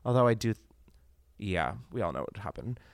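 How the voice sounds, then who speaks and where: A man's voice: lowish voice, big pitch swings, a little fast, no echo, clean studio sound. A young man hosting a podcast, chatting casually in a campy, profane way. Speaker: podcast host.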